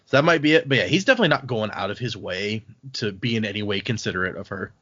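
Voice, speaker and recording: A man hosting a casual book discussion podcast, recapping chapters in an animated way. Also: on the low side, fast, dull audio. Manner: animated recap, acts out quotes. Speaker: podcast host.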